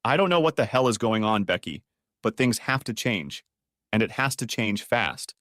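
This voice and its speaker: A man's voice: on the low side, expressive, normal speed, fairly bright tone, no echo, clean studio sound. A man playing a suspicious husband who questions his wife in a sarcastic, exasperated way. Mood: angry.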